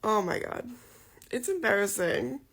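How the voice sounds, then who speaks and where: Bright-voiced mocking woman. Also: mid-range voice, very animated, a little slow, vocal fry. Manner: mocking, exasperated. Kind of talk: social media rant.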